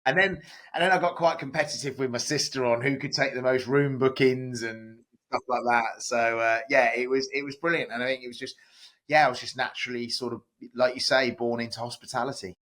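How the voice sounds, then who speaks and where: A man's voice: medium pitch, fairly even intonation, brisk, fairly bright tone. A man, a chef, chatting as a guest on a podcast, telling stories with many fillers and restarts. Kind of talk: casual podcast interview.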